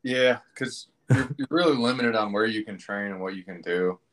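Laid-back male podcast guest with a somewhat low voice, halting casual speech. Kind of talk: casual chat.

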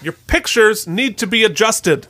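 A man's voice: high voice, expressive, a little slow, bright, forceful tone. A man co-hosting a podcast, chatting loosely and jokingly about a TV show, with lots of "like" fillers. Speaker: podcast co-host. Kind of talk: casual chat recapping a TV show.

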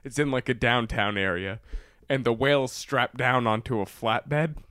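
A man co-hosting a casual podcast, retelling a TV scene and acting out shouted quotes as he goes. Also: medium pitch, normal speed. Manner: animated storyteller, acts out shouted quotes. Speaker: podcast co-host.

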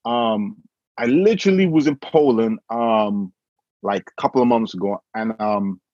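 A man with a slightly low, husky voice tells a story in a relaxed conversation, jumping up in pitch as he acts out what others said. The sound is dull and dry, with no room in it. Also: measured pace, dry recording. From England. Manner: animated, quotes others with voice changes. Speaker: guest.

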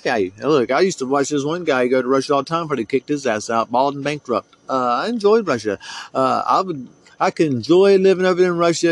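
A medium-pitched voice with no echo belongs to a middle-aged American podcast host, who goes on a profane, heated, meandering solo rant.

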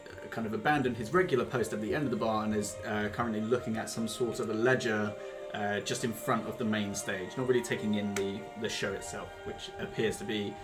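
A man's voice: on the low side, fairly even intonation, fairly quick. A man narrating as game master of a tabletop game, hesitant and rambling with many ums and uhs. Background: background music.

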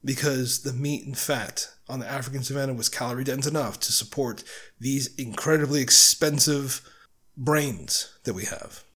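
A man's voice: mid-range voice, normal speed, fairly bright tone, breathy edge. A man with a mid-range voice talks through a book on his own podcast in an unscripted, conversational way. He is blunt and swears freely. He keeps arguing his point with rhetorical questions aimed at the listener. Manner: blunt, profane, argumentative. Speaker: podcast host. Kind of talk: casual solo book review.

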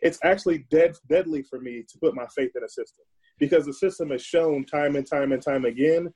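A man's voice: on the high side, fairly quick, warm tone, husky, rough recording. A man speaking earnestly and emphatically as a guest in a casual discussion, often repeating words as he thinks.

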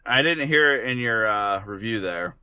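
Bright-voiced, easygoing podcast man. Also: lowish voice, lively intonation, normal speed, smooth, no echo. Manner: easygoing and agreeable, trailing off with fillers. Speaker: podcast co-host. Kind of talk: casual chat.

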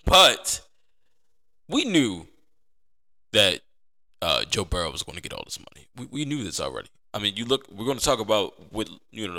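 A man's voice: lowish voice, pushed and bright. A man hosting a sports podcast, talking casually and with energy, often repeating himself for emphasis. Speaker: podcast host.

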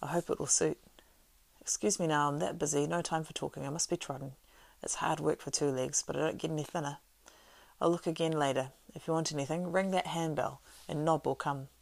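A woman voicing a fat, bustling middle-aged male innkeeper who chatters loudly and fussily, in a story reading. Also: low voice, steady tone, creaky, dry recording. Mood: chatty. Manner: hurried, loud and fussy chatter.

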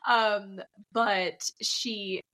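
A woman co-hosting a casual recap podcast, talking fast and slipping into high mocking voices when she quotes people. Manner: animated, jumps into high mock voices for quotes. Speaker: podcast co-host.

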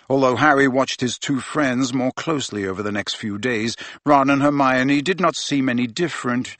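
Man narrating an audiobook, mid pitch, steady, dry close sound. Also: dry recording. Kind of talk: scripted narration.

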